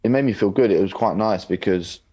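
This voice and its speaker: Young male guest, low voice, laid-back storyteller who keeps saying "like". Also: brisk, muffled recording. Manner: relaxed, rambling, lots of "like". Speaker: podcast guest, footballer. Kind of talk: casual interview chat.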